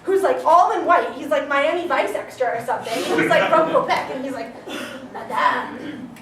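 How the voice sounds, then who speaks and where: A young woman with a high voice tells a comic story on stage, animated and full of "like" and casual swearing. Her voice bounces around a big echoey hall, picked up from far off with faint noise behind. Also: brisk, a loud crowd. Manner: animated, heavy use of "like", swearing. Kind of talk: live comedic storytelling. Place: live venue.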